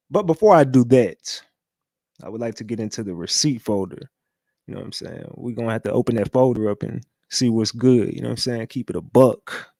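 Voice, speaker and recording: A man hosting a casual livestream, talking loosely, repeating catchphrases and shouting out viewers. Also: medium pitch, no echo. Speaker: livestream host.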